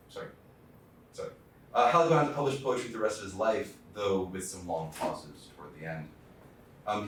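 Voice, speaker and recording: A man's voice: lowish voice, a bit bright. A man giving a public talk on poetry in a loose, hesitant way, with many ums and restarts. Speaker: lecturer. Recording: far-off mic in a very echoey room with faint noise.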